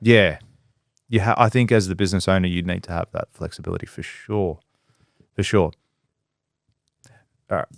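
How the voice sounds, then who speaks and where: A man, a construction business owner and co-host, talks bluntly with plenty of swearing and acts out other people in lively voices during a casual podcast chat. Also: low voice, normal speed, vocal fry, long pauses, no room sound, studio quality.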